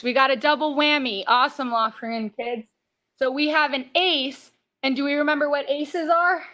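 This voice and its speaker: An American woman with a high, lively voice leads a children's exercise class over a video call. She counts each rep out loud and keeps the kids going with encouragement. The sound comes through a home video call connection. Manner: upbeat, counts reps aloud and cheers kids on. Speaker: camp fitness instructor. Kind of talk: leading a kids' workout over video call.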